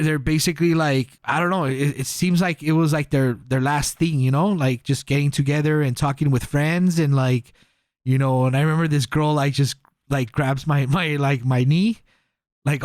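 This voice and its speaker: A man's voice: a little high, no echo, clean studio sound. Rambling young man telling a wild tale. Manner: rambling, heavy filler and profanity, acts out quotes. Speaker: podcast co-host. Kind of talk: casual storytelling.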